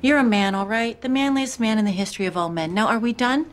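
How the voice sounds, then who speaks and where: A woman's voice: a little high, quick pace. A woman in a sitcom, with a brusque, dry way of talking. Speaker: sitcom character, a brusque boss. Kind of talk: sitcom acting.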